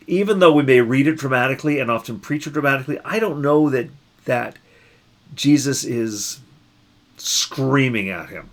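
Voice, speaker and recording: A man, a pastor, giving a daily Bible reflection in an unhurried, musing way, often restarting and repeating words as he thinks. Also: mid-range voice.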